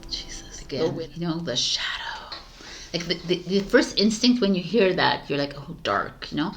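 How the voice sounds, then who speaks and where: A woman reading tarot in vlog bloopers, giggling and flustered, stumbling and restarting, with quiet asides under her breath. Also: lowish voice, lively intonation, a little slow, in a whisper. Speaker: tarot reader.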